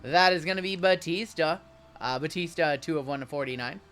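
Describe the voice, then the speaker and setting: A man's voice: on the high side, fairly quick, fairly bright tone. A man hosting a live card break, chatting with viewers as he calls out cards and spots. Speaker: sports card break host.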